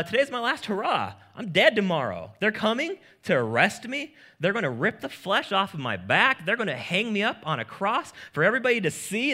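A preacher voicing a laid-back, slangy Jesus. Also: male voice, high voice, pushed and bright, pitched above the performer's own voice, full character voice. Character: Jesus as a casual, modern-talking man.

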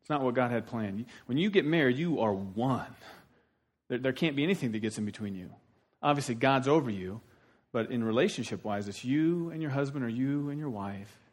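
A middle-aged man preaching a sermon, telling the story in a folksy, animated way with sudden loud outbursts. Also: mid-range voice, brisk. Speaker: pastor.

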